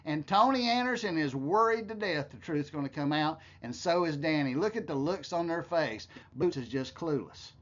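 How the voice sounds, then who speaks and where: A man's voice: on the high side, expressive, moderate pace, few pauses, dull audio. A man giving heated, scornful commentary, ranting with profanity. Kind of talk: angry commentary.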